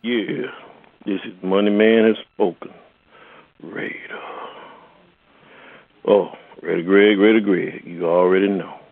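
A man's voice: on the low side, slow, gravelly, long pauses. A man calling in to a sports radio show, talking in an angry, profane way. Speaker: caller. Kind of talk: call-in sports radio rant. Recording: tinny phone line.

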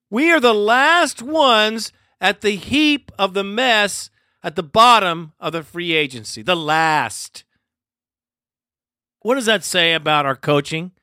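Podcast host, male, angry profane ranting, high bright voice, dry close mic. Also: dry recording. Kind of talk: solo ranting commentary.

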